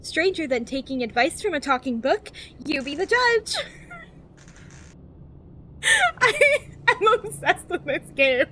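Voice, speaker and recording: A woman's voice: high-pitched, big pitch swings, slow pace, pauses often, pushed and bright, a little hiss or hum. A woman streamer reading game text aloud in a cheery infomercial-style voice and giggling often.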